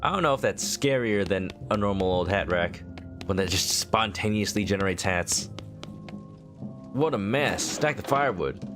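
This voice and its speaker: A man's voice: fairly low pitch, expressive, moderate pace, music in the background. A male game streamer reading game text aloud and joking, slipping into a mock southern drawl.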